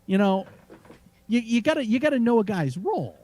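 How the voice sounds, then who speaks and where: A man's voice: extremely high pitch, fairly quick. A man co-hosting a casual sports podcast, telling rambling stories with lots of restarts. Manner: animated, rambling with restarts and laughs. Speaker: podcast co-host.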